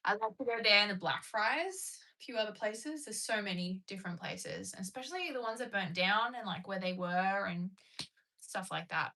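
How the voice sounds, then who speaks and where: Bright, gravelly young woman streamer. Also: medium pitch, lively intonation, normal speed. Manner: chatty, reading out and answering viewer comments. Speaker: livestream host. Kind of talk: casual live-stream chat. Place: at home.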